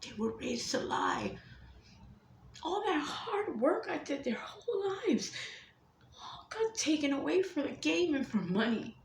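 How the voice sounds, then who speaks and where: A mother telling a painful personal story, swearing often and shifting between hushed whispers and loud outbursts. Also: sits high, big pitch swings, unhurried, vocal fry, reverberant, a little hiss or hum.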